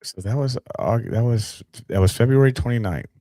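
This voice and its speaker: A man's voice: medium pitch, normal speed, warm tone, no room sound. A man casually commenting on footage during a live stream, rambling and restarting his sentences.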